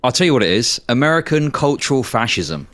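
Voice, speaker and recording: A man's voice: mid-range voice, very animated, brisk, fairly bright tone. Brash, sweary Englishman. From England. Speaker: streamer guest. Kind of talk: casual stream debate.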